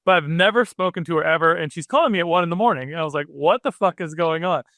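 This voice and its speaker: A man's voice: a little high, fast talker, fairly bright tone, no echo, clean studio sound. A man in his late thirties, a cartoonist guest, telling a personal story in a rambling, emotional way full of "like" and restarts. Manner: rambling, emotional, many fillers. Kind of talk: casual interview chat.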